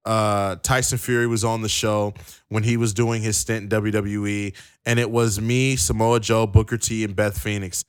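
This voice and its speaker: A man's voice: lowish voice, flat delivery, normal speed, clean tone. A man co-hosting a casual wrestling podcast who stammers and restarts, then reads long quotes aloud. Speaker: podcast co-host.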